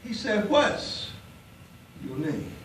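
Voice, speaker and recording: A man a sermon as pastor, calling out to the congregation and rising into shouts. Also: high-pitched, big pitch swings, drawn-out words, slight background noise. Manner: call-and-response preaching, rising to shouts. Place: large church sanctuary. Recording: echoey church from a distance. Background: congregation calling back.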